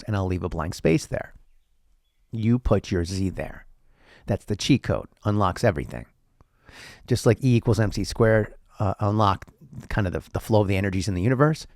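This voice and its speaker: Animated man musing playfully. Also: lowish voice, dry recording, clean studio sound. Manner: playful, theatrical, swears casually. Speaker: podcast host. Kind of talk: casual philosophical monologue.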